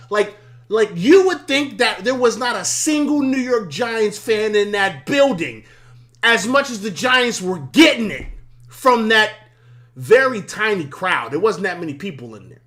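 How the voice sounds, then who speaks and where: Bright-voiced excitable sports stream host. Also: male voice, high-pitched, unhurried. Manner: excitable, laughs often, swears freely, repeats himself. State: voice worn from yelling. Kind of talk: casual live-stream sports talk.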